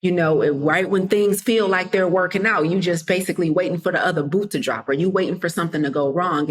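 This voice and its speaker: A woman hosting a casual motivational podcast, talking straight to her listeners and acting out what people said. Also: deep voice. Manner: conversational, addresses listeners as y'all, drops into quoted voices. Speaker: podcast host and coach.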